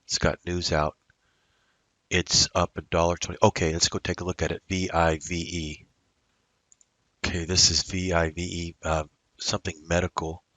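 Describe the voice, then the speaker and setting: In a dry recording, a low-voiced man speaks at a moderate pace with a flat delivery and a pushed, bright tone. His talk is casual live trading commentary as he day trades at his computer, muttering and rambling with lots of fillers.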